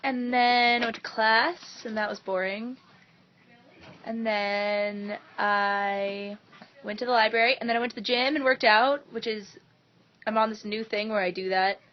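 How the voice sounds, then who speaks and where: A woman's voice: a little high, fairly even intonation, measured pace, dull audio, a little hiss or hum. A young woman rambles casually to camera about her day, with a lot of filler words. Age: young adult. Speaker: vlogger. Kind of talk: casual vlog chat.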